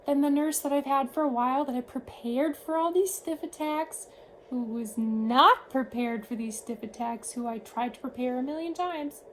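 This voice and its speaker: A woman vlogging, casually telling a story to the camera in an animated way, shifting her tone as she retells events. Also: sits high, moderate pace, a little hiss or hum, low-quality recording.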